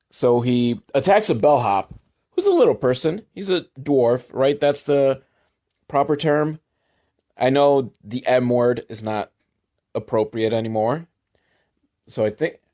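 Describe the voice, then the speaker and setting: A man giving a sarcastic, irreverent comedic recap of a movie, with deadpan asides and sudden jumps in pitch for emphasis.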